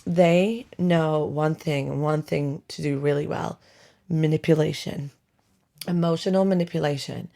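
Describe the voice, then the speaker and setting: A woman's voice: sits low, fairly even intonation, a little slow, creaky, warm tone. A middle-aged woman hosting a casual podcast from her bedroom, chatty and self-deprecating, laughing often. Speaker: podcast host. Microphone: home podcast mic.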